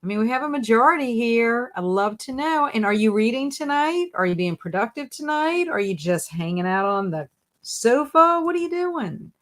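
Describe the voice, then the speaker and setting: A woman's voice: on the high side, sing-song, normal speed, fairly bright tone. A young adult woman hosting a casual live stream at home, reading viewer comments aloud and answering them playfully, often laughing. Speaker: livestream host.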